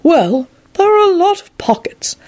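A woman voicing a kindly, absent-minded old wizard who talks slowly and rambles mildly. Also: extremely high pitch, big pitch swings, a little mellow, voice pushed up, exaggerated voice. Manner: slow, rambling, mild.

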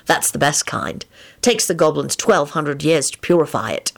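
A woman's voice: deep voice, expressive, moderate pace, vocal fry, full character voice. A woman reading an earnest, sheepish young man. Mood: knowing.

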